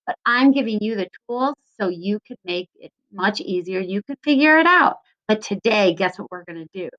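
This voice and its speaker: A woman's voice: medium pitch, lively intonation, moderate pace, lo-fi sound. A woman teacher giving a recorded lesson to young children, stretching out syllables in a sing-song way. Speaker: second grade teacher.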